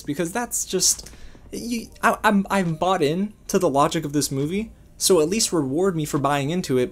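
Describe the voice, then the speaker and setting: A man reviewing a film in a casual, emphatic way, often calling out to his viewers. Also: a little high. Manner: animated, emphatic, addresses viewers as guys.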